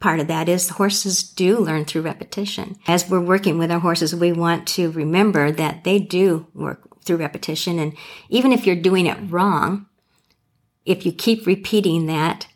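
A woman's voice: fairly low pitch, fairly even intonation, moderate pace. A middle-aged woman who trains horses, co-hosting a podcast in a folksy, storytelling way. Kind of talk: storytelling and casual podcast chat.

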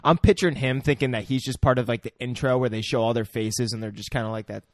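A man's voice: medium pitch, steady tone, quick pace, no room sound, studio quality. A man co-hosting a casual podcast, joking and chiming in while a movie is recapped. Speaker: podcast co-host.

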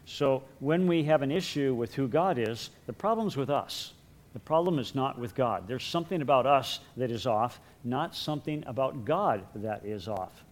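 A man's voice: medium pitch, animated, moderate pace. A man teaching a Bible class in a conversational lecture, with repeated words and light chuckles.

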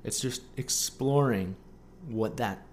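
A man's voice: medium pitch, slow pace, slight background noise. A man hosting a solo podcast, coaching listeners through a writing exercise with frequent "okay?" check-ins and playful asides. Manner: playful asides mixed with earnest teaching. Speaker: podcast host.

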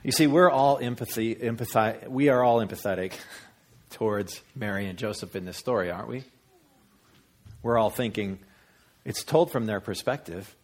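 A man preaching a sermon, animated and storytelling, acting out voices with big jumps in pitch. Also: moderate pace. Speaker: pastor.

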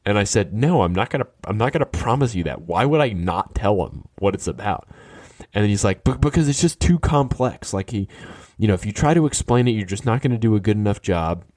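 A man casually telling an anecdote, animated and skeptical, quickly quoting the other people in it. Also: fairly low pitch, no room sound, studio quality. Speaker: storyteller. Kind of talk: casual storytelling.

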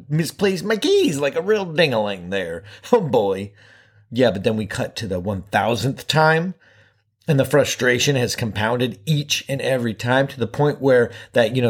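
A man hosting his own podcast, talking casually in a playful, jokey and emphatic way. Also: mid-range voice. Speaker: podcast host. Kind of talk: casual solo podcast talk.

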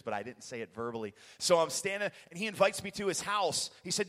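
A passionate American man tells a rambling church testimony, breaking into laughter and bursts of excitement. His voice sits at an ordinary middle pitch. The sound carries a long, echoing reverb from a large church hall. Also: brisk, few pauses. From United States. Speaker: guest preacher giving a testimony. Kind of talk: sermon testimony storytelling. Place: church sanctuary.

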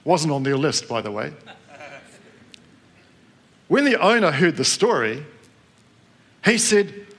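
A middle-aged man from New Zealand gives a sermon to a gathered congregation. His voice sits a little on the high side, and he tells a personal story in a relaxed, conversational way. He keeps asking the room questions as he goes. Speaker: preacher. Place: church with live congregation.

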